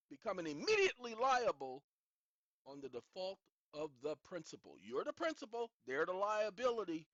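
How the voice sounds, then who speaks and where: A man's voice: very high-pitched, wildly swooping pitch, moderate pace, a bit bright, no echo. A man hosting his own channel and lecturing in an emphatic, preachy way, repeating key lines and calling on the audience to say them with him. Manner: repetitive, calls for the audience to repeat after him. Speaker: channel host. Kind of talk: instructional talk, preachy and emphatic. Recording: dull lo-fi recording.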